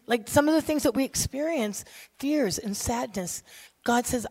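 A woman's voice: fairly high pitch, normal speed, breathy edge. Emotive woman preaching a sermon. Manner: emotive, swings from soft hushed lines to loud emphatic ones. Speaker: women's ministry speaker.

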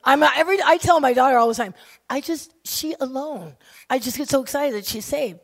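A woman preaching a sermon, telling stories animatedly and acting out the people in them, swinging between loud excitement and quiet intensity. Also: high-pitched, fairly quick. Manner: acts out quoted people in her stories.

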